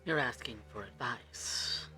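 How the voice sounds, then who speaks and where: A man voicing a composed, formal female vampire elder who speaks in measured, slightly stiff phrasing. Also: mid-range voice, lively intonation, pushed and bright, faint music behind, exaggerated voice. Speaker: game master.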